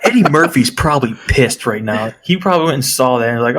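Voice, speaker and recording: A young man co-hosting a podcast, telling a story in a casual, animated way and swearing freely. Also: mid-range voice, brisk, hardly any pauses. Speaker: podcast co-host. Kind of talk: casual chat.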